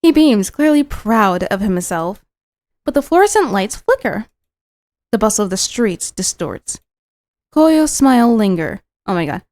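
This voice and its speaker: A woman's voice: mid-range voice, very animated, a little slow, a little mellow, dry recording, studio quality. A young woman streamer reading a visual novel aloud and breaking off into giggly, teasing asides.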